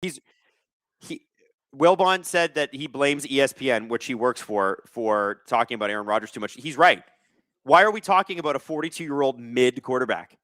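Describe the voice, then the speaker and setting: A man's voice: mid-range voice, normal speed, fairly bright tone, dry recording. A man hosting a casual live sports watch-along, reading chat aloud and joking sarcastically, with plenty of swearing. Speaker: livestream host.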